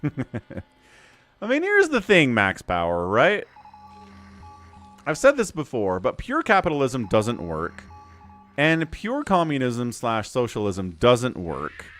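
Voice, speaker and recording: Brief: male streamer-caster, animated pitch, chatty, bursts of excited play-by-play, faint music behind. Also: slow pace, long pauses. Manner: chatty, turns to excited play-by-play during fights. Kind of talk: live-stream game commentary and chat with viewers.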